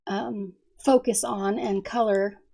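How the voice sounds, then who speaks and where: A woman chats slowly and easily while she colors, her voice gravelly with fry. Allergies leave her hoarse, and she fills pauses with ums and little giggles. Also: mid-range voice, steady tone, dark tone. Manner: chatty, many ums, giggles often. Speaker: coloring channel host. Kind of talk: casual coloring chat.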